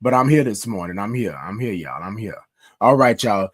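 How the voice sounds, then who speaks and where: A man in his fifties with a hoarse voice from a cold, hosting a casual morning live stream and greeting viewers by name. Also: fairly low pitch, animated, moderate pace, no echo. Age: 50s. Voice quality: rough, scratchy voice. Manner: chatty, greets viewers by name, calls them y'all. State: hoarse, sick with a cough.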